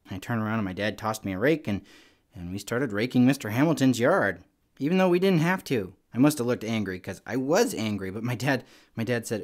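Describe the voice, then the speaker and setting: A man's voice: lowish voice, fast. A man telling a story for a children's church program, chatty and youthful, with many fillers.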